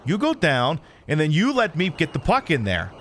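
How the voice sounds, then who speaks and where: A man's voice: on the high side, moderate pace, slight background noise. A man streaming a video game, trash-talking the opponents with lots of swearing. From United States. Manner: trash-talking, profane, excitable. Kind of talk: live gameplay commentary.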